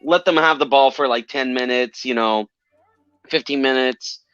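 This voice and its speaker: A man's voice: mid-range voice, moderate pace, fairly bright tone, clear, resonant tone, dry recording. A man chatting casually on a call-in show, circling back on his words with plenty of fillers. His voice sounds dull and lo-fi, recorded very dry, with faint music behind him. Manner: chatty, repeats himself, many fillers.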